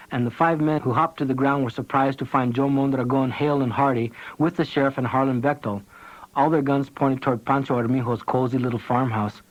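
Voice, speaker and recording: A man reading an audiobook, telling the story with lively, dramatic energy. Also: medium pitch. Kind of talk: audiobook narration. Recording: dull lo-fi tape audio.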